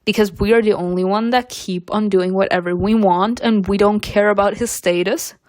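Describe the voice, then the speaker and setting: A young woman giving casual, sassy commentary while playing a story game, with emphatic protests that jump up in pitch. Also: fairly even intonation, moderate pace, darkish tone.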